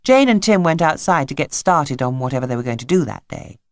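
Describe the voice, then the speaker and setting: A woman narrating a children's novel in an expressive, wry manner. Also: deep voice, brisk, dry recording, clean studio sound. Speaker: audiobook narrator. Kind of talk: scripted narration.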